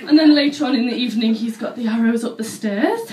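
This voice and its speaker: A woman performing a stand-up comedy routine, telling stories in a chatty, animated way and acting out other people's voices. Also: a little high, quick pace, over a noisy crowd. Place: comedy club stage with audience laughter. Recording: roomy venue audio from a distance with faint noise.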